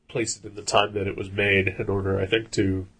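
A man's voice: fairly low pitch, breathy edge. A man talking casually about an old film, rambling with lots of fillers and restarts.

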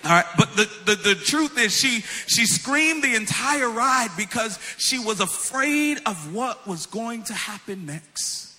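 A man's voice: extremely high pitch, lively intonation, unhurried, few pauses, sharp tone. A man preaching a sermon to a congregation, storytelling and calling them y'all. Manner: storytelling, addresses audience as y'all. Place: in front of a congregation.

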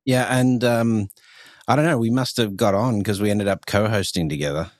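A man with an Australian accent hosts a podcast in loose, halting conversation, peppered with ums and you-knows. His voice sits fairly low and sounds dry and close. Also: no room sound. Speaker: podcast host.

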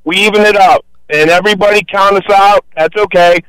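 An older man calling into a sports radio show, telling a story loudly and acting out the voices as he goes. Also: high-pitched, fairly even intonation, brisk, smooth, no echo. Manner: boisterous storyteller, acts out voices. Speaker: caller. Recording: phone line.

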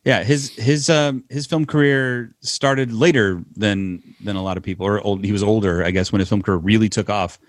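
A man's voice: on the low side, moderate pace, hardly any pauses, no echo, studio quality. A young adult man co-hosting a podcast, trading loose, opinionated banter, swearing and laughing often. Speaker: podcast co-host. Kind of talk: casual chat.

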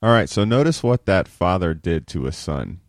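Deep-voiced man explaining a lesson. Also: big pitch swings, normal speed, no room sound, clean studio sound.

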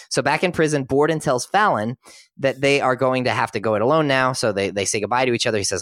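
A man's voice: mid-range voice, quick pace, a bit bright, no echo. Male podcast panelist with a mid-range voice, recapping a plot conversationally, dry close mic. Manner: storytelling, quoting characters conversationally. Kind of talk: casual film plot recap.

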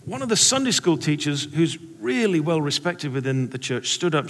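An English man preaching a sermon, animated and rhetorical, telling funny stories. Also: fairly high pitch, normal speed, few pauses. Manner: animated, rhetorical, humorous storytelling. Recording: echoey hall reverb.

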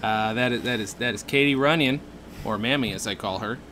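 A man's voice: lowish voice, brisk, pushed and bright, slight background noise. A man co-hosting a comedy podcast, joking in casual chat, often tripping over his words and laughing. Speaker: podcast co-host.

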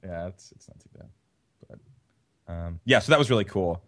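Low-voiced man telling a rambling story. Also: lively intonation, normal speed. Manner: rambling storyteller, many fillers and restarts. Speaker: podcast co-host. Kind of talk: casual chat.

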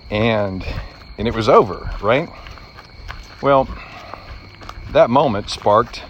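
A man's voice: on the low side, animated, slow pace, pauses often, fairly bright tone, slight background noise. A middle-aged man telling a personal story in an earnest, reflective way, slightly choked up.

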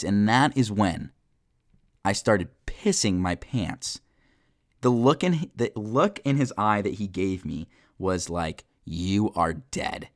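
A young man with a fairly low voice tells a childhood story on his podcast. He speaks casually, with lots of fillers. He acts out quotes with animated energy. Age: young adult. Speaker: podcast host.

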